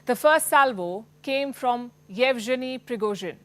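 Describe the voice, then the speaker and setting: A woman's voice: fairly high pitch, unhurried. Emphatic Indian woman news anchor. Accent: Indian English. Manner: emphatic, pointed delivery. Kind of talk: scripted news presentation.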